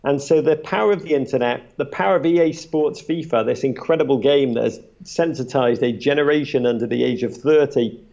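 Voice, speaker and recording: A man, a podcast guest and author, telling animated anecdotes at a live panel with many restarts. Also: mid-range voice, fairly quick, vocal fry, muffled recording.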